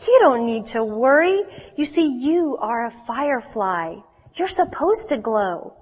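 A woman voicing a kind, wise female cat in a storybook read-aloud, speaking gently and reassuringly. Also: on the high side, very animated, measured pace, slightly rough, in a large hall, lo-fi sound, exaggerated voice.

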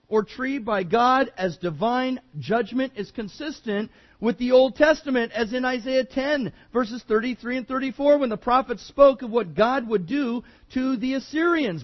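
A man's voice: very high-pitched, dull audio. A male preacher giving a verse-by-verse sermon in an emphatic, conversational way, often repeating himself.

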